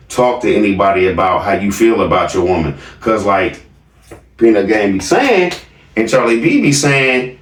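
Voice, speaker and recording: A male vlog host giving sarcastic, laughing reaction commentary. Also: medium pitch. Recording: echoey room, distant mic.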